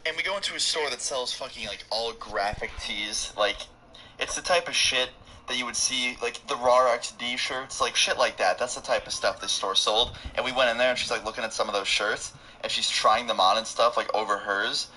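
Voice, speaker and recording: A man's voice: medium pitch, moderate pace, pushed and bright. A young man telling a profane, rambling story to camera in a casual, joking vlog. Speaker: storytime vlogger. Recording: clear background noise.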